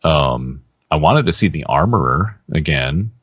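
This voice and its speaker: A man with a strikingly deep, low voice talks casually as a podcast co-host. He rambles in a relaxed way, laughing easily, and the sound is dry and close to the mic. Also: measured pace, husky, dry recording, highs cut off. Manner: relaxed, laughs often, trails off. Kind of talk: casual chat.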